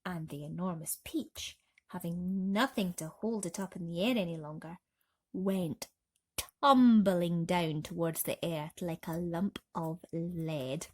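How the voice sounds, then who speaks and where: A woman reading a bedtime story aloud in a gentle, soothing way. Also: on the low side, slow pace.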